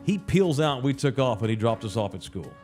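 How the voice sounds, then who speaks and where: A man, a podcast host, telling a story in an animated, profane way and acting out the other people's lines. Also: mid-range voice, brisk, soft background music. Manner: profane and emphatic.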